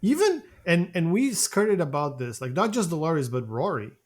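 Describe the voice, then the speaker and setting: A man co-hosting a film review podcast, talking casually with animated, halting restarts. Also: a little high. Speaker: podcast co-host.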